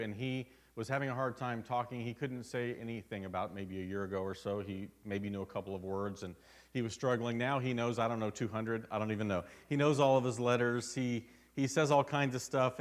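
A man's voice: mid-range voice, steady tone, brisk. A man preaching a sermon at a church service, telling a personal story in an earnest, conversational way. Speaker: pastor.

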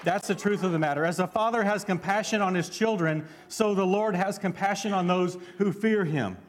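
Fervent male pastor, slightly high voice. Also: moderate pace. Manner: fervent, keeps asking the congregation questions. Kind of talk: sermon.

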